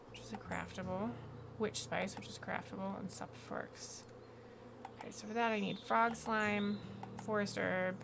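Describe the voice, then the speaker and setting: Dry low-key woman streaming a game. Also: gravelly, noisy background. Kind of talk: live game commentary.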